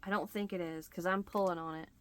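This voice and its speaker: Speaking quickly in a lowish, steady voice, a middle-aged crochet-channel host chats to the camera and tells a story, performing the quoted lines. A little hiss or hum sits under the recording.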